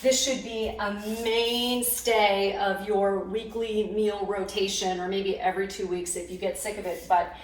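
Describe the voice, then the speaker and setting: A woman's voice: mid-range voice, fairly even intonation, measured pace, hardly any pauses. A woman hosting a casual cooking demonstration in her home kitchen, chatty and upbeat, teary-eyed from cutting onions and laughing at herself. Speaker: cooking video host. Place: home kitchen, roomy and echoey. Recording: echoey kitchen, mic far off, cooking noise. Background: clatter of knives, pots and dishes.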